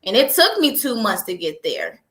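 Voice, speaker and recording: A young woman, a guest, chatting in an interview with an animated storytelling manner. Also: mid-range voice, normal speed, roomy sound. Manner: animated storyteller, laughs often. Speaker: guest, entrepreneur. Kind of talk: casual interview chat.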